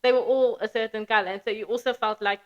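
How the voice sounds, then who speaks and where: A South African woman with a flat local accent, a podcast guest chatting casually and acting out her own past thoughts in quick quoted asides. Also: fairly high pitch, highs cut off. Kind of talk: casual conversational storytelling.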